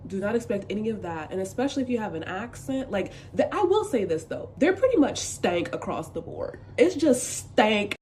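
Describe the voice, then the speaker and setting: A young woman from the United States talking casually to camera, chatty and expressive with sassy asides and lots of fillers. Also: medium pitch, a little hiss or hum. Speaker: vlogger.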